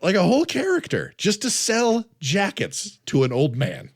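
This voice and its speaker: A man in his forties hosting a podcast, telling stories in a casual, animated way with frequent stammered restarts. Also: sits high, normal speed. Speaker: podcast host. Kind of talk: casual chat.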